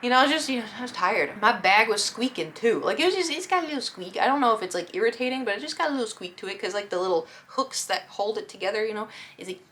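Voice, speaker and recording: A woman's voice: a little high, expressive, quick pace, hardly any pauses, fairly bright tone, slight background noise. A woman streamer telling a casual storytime, chatty and self-deprecating, with lots of fillers.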